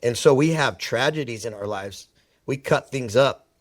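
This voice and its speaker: A podcast guest with an ordinary middle-pitched voice tells personal stories in conversation at normal speed, animated and emphatic, repeating words for effect and acting out quoted dialogue. The recording is close and dry, with no room sound.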